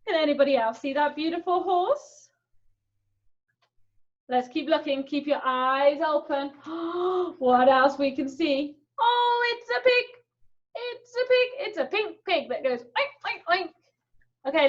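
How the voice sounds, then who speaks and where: A woman teaching sign language to children in an animated, playful way, gasping at each find and making animal sounds. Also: high voice, a little slow, muffled recording. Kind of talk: children's lesson.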